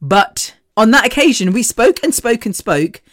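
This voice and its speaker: A woman's voice: a little high, big pitch swings, moderate pace. A woman hosting a podcast, telling a personal story in a frank, chatty way and laughing often between sentences. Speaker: podcast host. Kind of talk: casual storytelling monologue.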